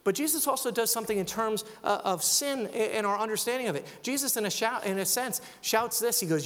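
A man preaching a sermon, animated, acting out quoted voices as he talks. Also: high voice, brisk, hardly any pauses, long reverb tail. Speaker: pastor.

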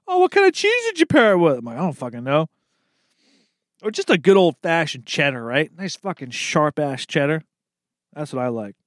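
A man's voice: medium pitch, no room sound, clean studio sound. A young man riffing comedically on his own, rambling and profane, calling everyone dude and laughing at his own jokes.

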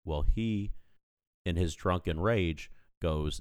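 Deep-voiced man telling a story. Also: a little slow, no room sound. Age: 30s. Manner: animated storyteller, acting out people in his story. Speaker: podcast co-host. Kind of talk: casual storytelling chat.

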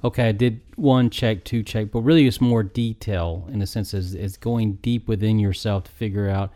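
A man with a low, mellow voice talks about faith in a casual chat. He rambles, breaks off and restarts as he searches for his words. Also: steady tone, normal speed.

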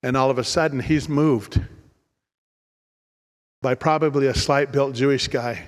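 A man's voice: medium pitch, fairly even intonation, a little slow, long reverb tail. A man preaching a sermon in an earnest storytelling manner, often repeating words as he restarts. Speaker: pastor.

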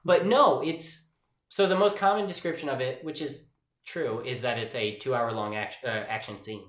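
A man's voice: mid-range voice, normal speed, a bit bright, echoey room. A man co-hosting a podcast, talking in a rambling, jokey way in casual chat. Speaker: podcast co-host.

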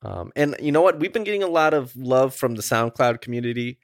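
A man's voice: mid-range voice, lively intonation, brisk, dry recording, studio quality. A man co-hosting a podcast in a casual chat, rambling and laid-back with lots of fillers. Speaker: podcast co-host.

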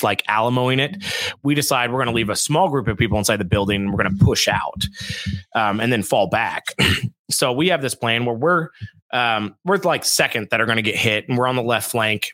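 A man of middle pitch recounts a long story in an easy, measured voice, pausing often to gather his thoughts. The recording is dry and close. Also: no room sound. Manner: relaxed, measured, many fillers like um. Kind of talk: casual storytelling chat.

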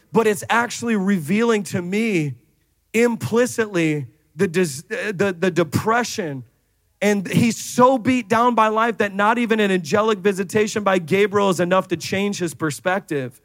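A male pastor preaching a sermon, playful and laughing at his own jokes, swinging from hushed asides to shouting. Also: sits high, no room sound.

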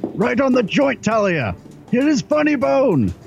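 A man at the game table speaks slowly in a high, sing-song voice with a gravelly edge. He gets excited and cheers, over faint music. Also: lo-fi sound. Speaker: player. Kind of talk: casual tabletop play.

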